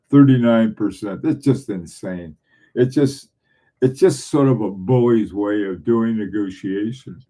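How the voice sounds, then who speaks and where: Hosting a laid-back livestream, a middle-aged man from southern New England rambles to his viewers, restarting often and chuckling softly. His voice sits low and sounds mellow and relaxed, and he talks slowly.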